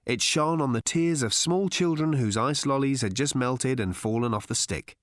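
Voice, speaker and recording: A man reading an audiobook aloud as narrator, in a wry, measured storytelling manner, recorded in a studio. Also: medium pitch, no room sound. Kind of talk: scripted narration.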